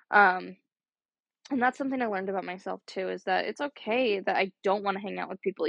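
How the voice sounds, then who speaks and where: A college-age young woman with a drawl and a gravelly, mid-range voice hosts a casual solo podcast. She rambles chattily, circling back and saying "like" constantly. The recording sounds dry and somewhat muffled.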